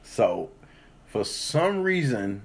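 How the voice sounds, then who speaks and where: A man co-hosting a podcast, telling a profane, animated story in casual chat and acting out the quotes. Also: medium pitch, very slow, gravelly. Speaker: podcast co-host.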